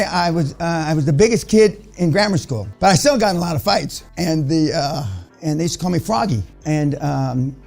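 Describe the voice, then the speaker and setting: A man's voice: on the high side, moderate pace, creaky, few pauses, darkish tone, soft background music. An older man giving a blunt, profane motivational lecture to a seminar audience, rambling with many restarts. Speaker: seminar speaker.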